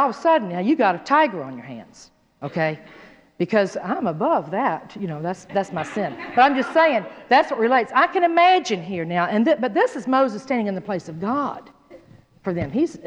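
A woman teaching a Bible study in a folksy, animated way, often checking in with her listeners. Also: fairly high pitch, a little fast. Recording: dull sound in a reverberant hall.

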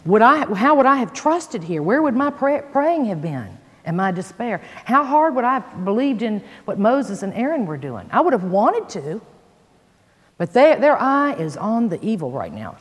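A woman's voice: on the high side, sing-song, moderate pace, slightly rough. A woman teaching a sermon, reading scripture with dramatic emphasis and folksy asides to her listeners. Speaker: Bible teacher. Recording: long hall reverb.

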